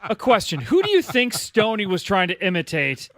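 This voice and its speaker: A man on a sports radio show, the producer who plays clips, ribbing the host slowly and wryly. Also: sits high, wildly swooping pitch, fairly bright tone, no echo, clean studio sound. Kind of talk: casual sports radio banter.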